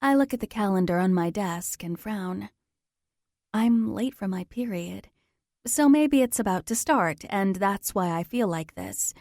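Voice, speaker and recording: A woman reading a first-person romance audiobook at an unhurried, slow pace. Her voice sits mid-range and intimate, recorded close and dry. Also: mid-range voice, lively intonation, a little mellow, no echo. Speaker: audiobook narrator.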